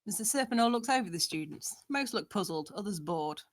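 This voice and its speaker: A woman's voice: medium pitch, a little fast. Woman reading a screenplay aloud. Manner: steady, descriptive. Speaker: narrator.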